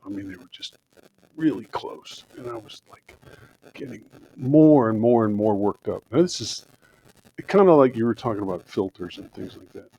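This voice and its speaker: A man's voice: fairly low pitch, animated, moderate pace, gravelly, warm tone, lo-fi sound, a little hiss or hum. A man from the congregation telling a personal story animatedly, with restarts and asides. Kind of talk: personal story shared aloud.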